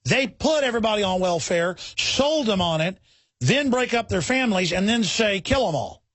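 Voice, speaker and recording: A man with a high-pitched voice hosts a heated talk radio show. He talks forcefully and indignantly, piling up repeated words and quick restarts. The sound is close and dry. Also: animated, no echo.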